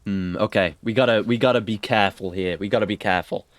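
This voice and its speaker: A man's voice: lowish voice, fast, no room sound. A man playing a video game and thinking aloud in casual, hesitant commentary. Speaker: gaming streamer. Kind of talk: casual let's-play commentary.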